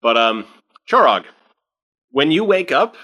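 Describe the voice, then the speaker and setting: A man's voice: fairly high pitch, sing-song, slow, sharp tone. A man running a tabletop game as game master, narrating loosely with lots of fillers and restarts. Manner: loose, filler-heavy, restarts mid-sentence.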